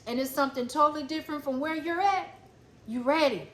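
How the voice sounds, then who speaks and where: A woman's voice: high-pitched, a little fast, a bit bright. A woman giving a blunt, emphatic spiritual pep talk, repeating phrases and cursing casually. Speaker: spiritual coach. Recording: echoey room with faint ambient noise.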